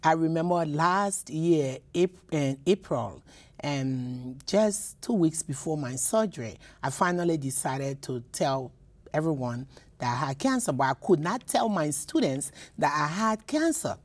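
A Liberian poet and professor shares personal stories in a radio interview, emotional and prone to repeating words and restarting often. Her voice sits low, animated and unhurried.

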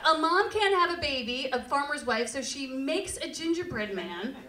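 A woman hosting a live storytelling show, telling comic stories in an animated, profane way and laughing often. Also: high voice, moderate pace. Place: live venue stage with audience. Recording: roomy live hall from far off.

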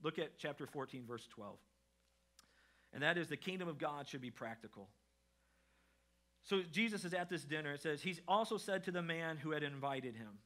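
A man's voice: sits high, fairly quick. A middle-aged man preaching a sermon as pastor in a church, in a conversational style that rises in intensity. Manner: conversational preaching with a lively rising delivery. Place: church sanctuary.

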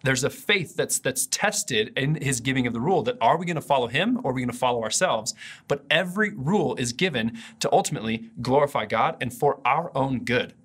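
A man's voice: mid-range voice, expressive, a little fast, fairly bright tone, husky. A man giving a conversational video sermon as pastor, earnest and often restarting his sentences. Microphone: camera mic for an online video.

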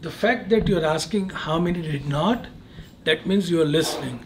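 A man with a non-native English accent who poses riddles in a slow, teasing quiz manner during a casual chat. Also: a little high, noisy background. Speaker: quizmaster guest.

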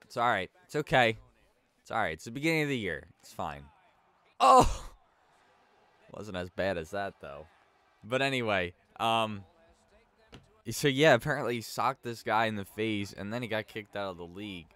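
A man's voice: fairly low pitch, fairly quick, fairly bright tone, no room sound. A young man casually chatting and telling stories while playing a hockey video game, rambling with lots of "like" and sudden outbursts at his own mistakes. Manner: rambling storytelling with frequent "like", bursts of frustration at the game. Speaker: gaming YouTuber. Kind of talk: casual let's-play commentary.

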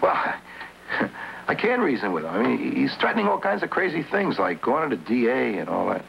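An actor playing a nervous, pleading brother-in-law in debt who stammers, in a 1960s TV drama on a dull old soundtrack with hiss. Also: male voice, medium pitch, big pitch swings, normal speed, gravelly.

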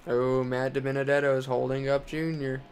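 A young man from Texas calls his racing game out loud as he drives, swearing freely and ranting at rival drivers. His voice sits at a middling pitch, and a faint hiss of noise hangs behind it. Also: level tone, fairly quick. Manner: profane, frustrated ranting. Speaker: gaming channel host.

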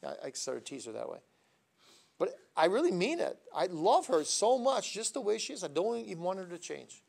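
Guy lecturing in a seminary class, kinda high voice with lots of creak, gets quiet then loud. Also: moderate pace. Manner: animated storyteller, voice swinging from soft asides to loud emphasis.

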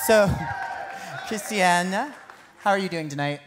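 A woman hosts a live pageant on stage, chatty and playful with the contestants. Her voice sits at a middling pitch for a woman. A faint audience murmur is heard behind her. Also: expressive, slow, crowd noise, noisy background. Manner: chatty and playful, laughs often. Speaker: pageant host. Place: live pageant show in a concert venue.

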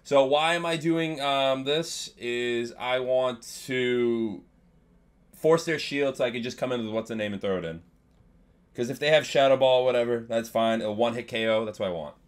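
A young man commentating his own live game stream, chatting with his viewers and swinging between low mumbles and loud outbursts. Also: normal speed, clear, resonant tone. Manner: excitable, swings from mumbling to yelling, banters with chat.

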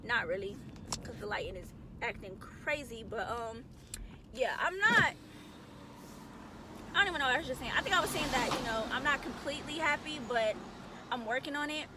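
Young woman vlogger, bubbly slangy car chat, high voice, road noise behind. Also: normal speed, pauses often. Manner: chatty, upbeat, slangy. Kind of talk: casual chat to camera. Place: in a car, driving.

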